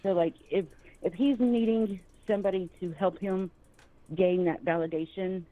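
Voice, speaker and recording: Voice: mid-range voice, fairly even intonation, normal speed, narrow, tinny audio. A guest on a live show who rambles, using many fillers like um and you know. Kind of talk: casual chat.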